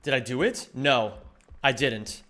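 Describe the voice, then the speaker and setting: A man's voice: medium pitch, unhurried, bright, forceful tone, slight background noise. A man streaming live, chatting casually with his viewers, greeting them by name and swearing freely as he plays.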